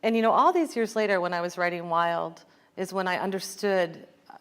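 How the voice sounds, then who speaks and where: A woman's voice: lowish voice, a little fast, clear, resonant tone. Reflective American woman author in conversation. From United States. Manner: reflective, many fillers and restarts. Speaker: author guest. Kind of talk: onstage conversation.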